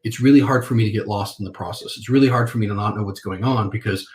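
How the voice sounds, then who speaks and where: A man as a podcast guest, telling stories in a playful, animated way in a casual interview. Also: lowish voice, quick pace. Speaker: podcast guest, marketing consultant.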